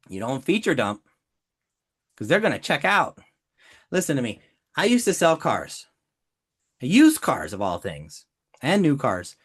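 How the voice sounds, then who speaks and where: A man hosting a live-stream business training who talks with high energy and often slips into acted-out quotes. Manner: energetic and theatrical, acts out quotes.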